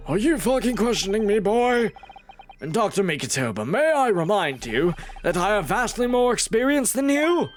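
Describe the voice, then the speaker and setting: A wheezing, deaf old doctor, put on by a male streamer reading a game aloud. The voice is pushed up high and swings widely, loud and cranky with age. He barks his lines as if nobody can hear. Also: big pitch swings, normal speed, hardly any pauses, faint music behind. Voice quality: wheezy, shouting.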